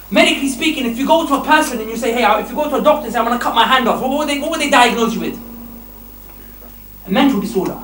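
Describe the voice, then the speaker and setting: A man preaching a lively sermon to young men, emphatic and animated, often laughing mid-sentence. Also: very high voice. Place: mosque hall. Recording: echoey hall, distant mic, faint hiss.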